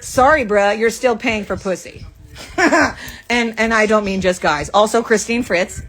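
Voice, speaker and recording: A woman venting angrily to the camera, firing off profane, rapid accusations from a rented room. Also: medium pitch, a bit bright. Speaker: vlogger. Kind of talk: angry venting monologue to camera.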